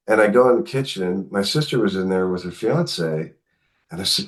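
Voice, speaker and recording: A middle-aged guest author speaks fairly quickly in a low voice, telling a long personal story in conversation. He stays animated and acts out the voices of the people involved.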